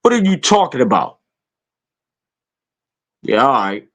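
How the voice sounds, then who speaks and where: A man's voice: medium pitch, big pitch swings, a little slow, fairly bright tone. A man hosting a podcast, ranting in a profane, taunting way and firing rhetorical questions at his listeners. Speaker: podcast host. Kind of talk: confrontational rant.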